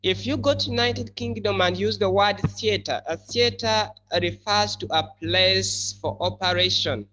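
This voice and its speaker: A male English teacher giving a classroom lesson, explaining slowly and repeating key words for his students. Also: high voice, sharp tone. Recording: slightly muffled with faint hum.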